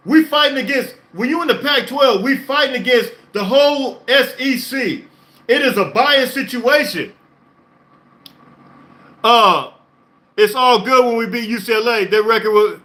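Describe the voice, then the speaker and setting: An excited man hosting a sports reaction stream, talking emphatically, repeating himself and laughing often. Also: extremely high pitch, normal speed. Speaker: podcast host. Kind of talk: live-stream sports reaction, reading chat.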